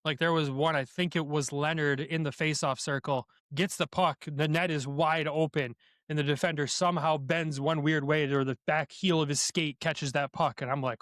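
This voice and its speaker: A man's voice: on the high side, fairly even intonation, normal speed, a bit bright, no echo, clean studio sound. A man co-hosting a hockey podcast, recapping games with energy, step by step. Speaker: podcast co-host. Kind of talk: game recap commentary.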